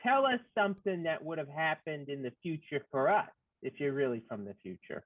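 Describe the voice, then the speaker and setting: A man's voice: fairly high pitch, animated, fairly quick, dry recording. A man playing in a tabletop game, talking casually and checking details. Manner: unsure, checking questions. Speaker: player. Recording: tinny phone-like line.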